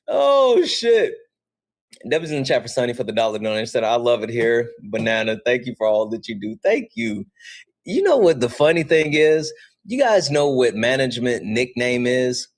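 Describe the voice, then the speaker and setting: A man's voice: mid-range voice, fairly quick. A young man hosting a livestream, chatting casually with his viewers, reading out donations and swearing freely. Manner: animated, swears casually, talks straight to chat. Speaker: livestream host.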